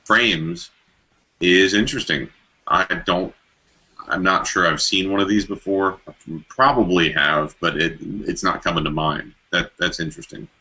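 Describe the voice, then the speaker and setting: A man with a very low, husky voice carrying a bright, sharp edge. He co-hosts a casual tech podcast and tosses in dry, matter-of-fact jokes. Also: unhurried. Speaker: podcast co-host.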